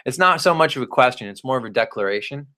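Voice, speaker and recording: A man coaching a recorded sales training, talking loosely and with energy. He stumbles into restarts and acts out what prospects might say. His voice sits at an ordinary middle pitch for a man. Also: fast. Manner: energetic, casual, repeats and restarts phrases, acts out prospects' replies. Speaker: network marketing coach.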